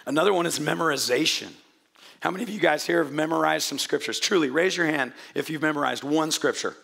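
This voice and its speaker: A man preaching a sermon to his congregation in a hoarse, gravelly voice, chatty and joking, often restarting his sentences. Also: a little high, fairly bright tone. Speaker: pastor. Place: church hall before a congregation.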